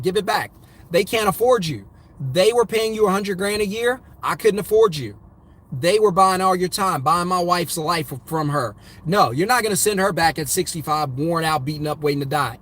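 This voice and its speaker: A man with a notably high voice delivers a motivational money talk to his viewers. He is middle-aged and hammers his points home with emphatic repetition, in a preachy, punchy rhythm. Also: expressive, normal speed, fairly bright tone. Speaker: host.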